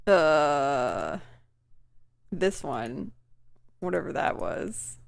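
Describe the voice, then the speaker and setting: Woman streamer, casual live reaction, giggly and rambling, lively voice with gravelly fry. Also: sits low, drawn-out words. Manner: giggly, rambling, many fillers and restarts.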